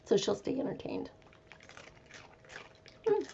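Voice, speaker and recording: A woman's voice: slow, warm tone, lo-fi sound, a little hiss or hum. A woman hosting a casual live chat from home, chatty and meandering, with an easygoing manner. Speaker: live stream host.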